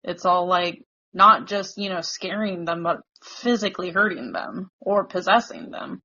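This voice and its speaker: A woman chiming in on a casual book chat podcast, unhurried and drawn out. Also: on the low side, expressive, sharp tone, dull audio.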